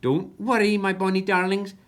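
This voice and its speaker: A woman's voice: medium pitch, little pitch movement, moderate pace, voice pushed up, close to an everyday voice. Woman voicing a cheerful old Scottish granny, soothing, unflappable. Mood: kindly.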